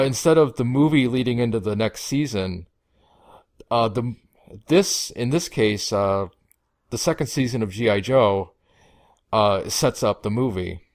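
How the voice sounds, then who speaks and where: A man's voice: mid-range voice, no room sound, clean studio sound. A man from Canada, a guest on a movie commentary podcast, rambling with many fillers and restarts.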